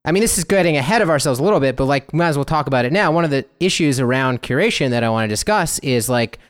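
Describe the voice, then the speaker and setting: A man chatting on a podcast in a smooth, clear voice at an ordinary middle pitch. He thinks out loud, trails off, circles back and fills the gaps with fillers. He drops into short acted-out inner voices to make his point. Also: animated, racing. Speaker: podcast co-host. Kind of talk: casual conversational discussion.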